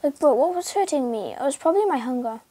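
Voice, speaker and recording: High-voiced excitable woman gaming. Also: fast talker, no echo. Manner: excitable, calls out and yelps while playing. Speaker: gameplay video host. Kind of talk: casual game commentary. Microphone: screen recorder mic.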